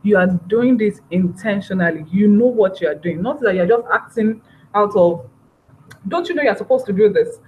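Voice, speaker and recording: A woman giving a parenting training talk, lively and acting out parent and child voices as she explains. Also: mid-range voice, moderate pace, a little hiss or hum, rough recording.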